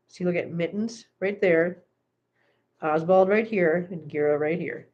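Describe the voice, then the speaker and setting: A woman's voice: unhurried, darkish tone, highs cut off. Chatty woman vlogger talking with her cats. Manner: chatty, coos at her cats in a high baby voice. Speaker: cat channel host. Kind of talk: casual live-stream chat. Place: home, on a couch.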